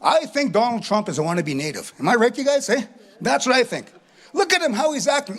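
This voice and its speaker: Middle-aged guy doing stand-up on a live stage, kinda high voice, husky, jokes about himself, says eh a lot. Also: very animated, fairly quick. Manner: chatty, self-mocking, tags lines with "eh". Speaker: stand-up comedian. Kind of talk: stand-up comedy set. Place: live stage before an audience.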